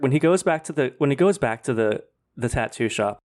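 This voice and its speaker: Chatty snarky podcast dude, says like a lot, medium voice. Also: male voice, mid-range voice, lively intonation, brisk, darkish tone. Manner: rambling, filler-heavy, snarky. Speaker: podcast co-host. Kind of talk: casual chat.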